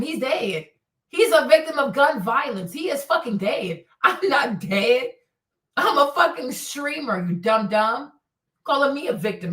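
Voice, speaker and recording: A woman's voice: sits high, fairly bright tone. Profane, combative woman streamer. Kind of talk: livestream rant answering chat. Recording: roomy echo, distant from mic.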